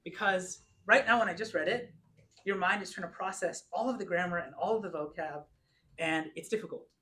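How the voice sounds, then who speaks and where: A man with a high, sharp-toned voice gives a lecture to a Bible class in a church classroom. He explains things patiently, easing his pace to repeat example phrases.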